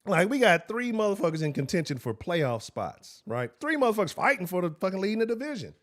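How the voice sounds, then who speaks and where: A young man hosting a live sports stream, talking with lots of swing in his pitch. He sounds heated and profane as he talks straight to his chat. His voice sits a bit high for a man. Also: sing-song, fast. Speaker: sports show host.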